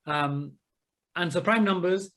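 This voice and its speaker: An enthusiastic man in his thirties, a maths teacher telling animated stories as an interview guest. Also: sits high, slow pace. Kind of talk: interview conversation.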